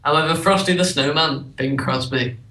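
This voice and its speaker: A man's voice: on the high side, moderate pace, far from the mic, crowd noise. A man chatting casually as a guest, with many fillers. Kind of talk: casual chat. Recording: echoey room, off-mic.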